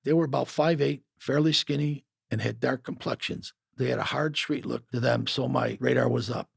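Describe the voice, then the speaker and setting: A man's voice: medium pitch, steady tone, normal speed, vocal fry, breathy edge, dry recording, studio quality. A man narrating a first-person memoir in a gritty, matter-of-fact way.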